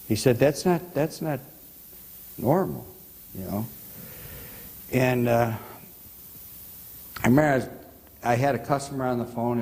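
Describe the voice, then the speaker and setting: A man's voice: medium pitch, dark tone, big-room sound, low-quality recording. A man preaching as pastor, telling loose anecdotes with many restarts and questions to the congregation. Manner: halting, repeats words, asks the congregation questions. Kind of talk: rambling sermon anecdotes. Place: church sanctuary.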